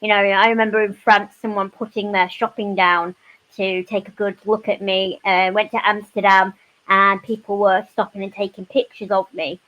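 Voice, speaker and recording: A woman's voice: mid-range voice, normal speed, dull audio. A woman, a panel guest telling her stories in a casual chat with lots of "you know" asides. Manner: animated storytelling, frequent "you know" asides.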